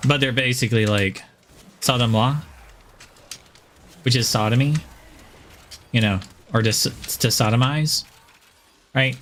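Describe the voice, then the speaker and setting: A man's voice: mid-range voice, measured pace, pauses often, a bit bright, slight background noise. A man from the American South with no Southern accent, casually rambling and chuckling as he chats during a game stream. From Southern United States. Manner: rambling, chuckles often, many fillers. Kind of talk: casual gaming stream chat.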